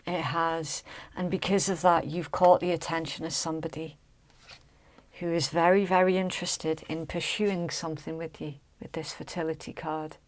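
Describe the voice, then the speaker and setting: A woman's voice: deep voice, level tone, normal speed. A woman giving a casual, chatty tarot reading, often checking in with "okay?" and "right?". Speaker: tarot reader.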